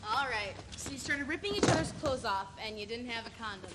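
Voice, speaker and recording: A woman's voice: fairly high pitch, animated, a little fast, natural voice. A woman acting as a nosy friend who teases and questions in disbelief, in a student stage play. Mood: teasing. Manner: incredulous, teasing. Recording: noisy stage recording from far off.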